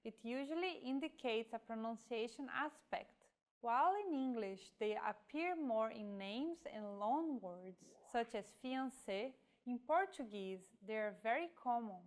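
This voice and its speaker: A woman reads a scripted language lesson at an unhurried pace. Her voice sits a little high, and she pronounces each example word carefully and on its own. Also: expressive. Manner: slow, careful, demonstrating example words. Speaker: language teacher.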